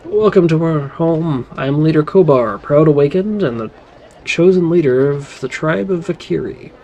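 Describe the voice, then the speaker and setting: A man voicing a proud, wary male servile tribe leader in a game, measured and stern. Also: fairly high pitch, dark tone, dull audio, close to an everyday voice.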